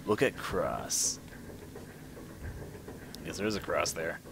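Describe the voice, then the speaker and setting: A man's voice: low voice, lively intonation, slow pace, gravelly, fairly bright tone, a little hiss or hum. A man giving commentary while playing a horror game, reading the on-screen text aloud and musing to himself. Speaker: let's play commentator. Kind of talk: gameplay commentary. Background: game music.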